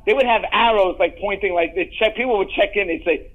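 A middle-aged man with a notably high voice tells long, rambling stories in a relaxed interview. He stumbles over restarts and piles on asides. The sound is dull and muffled, like a lo-fi line. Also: quick pace. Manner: animated, rambling anecdotes with frequent restarts. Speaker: guest, actor. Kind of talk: casual storytelling interview.

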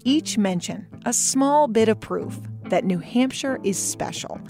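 A woman's voice: fairly high pitch, expressive, measured pace, music in the background. A woman narrates a documentary story from a script. Her delivery is conversational with dry asides. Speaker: podcast host and narrator.

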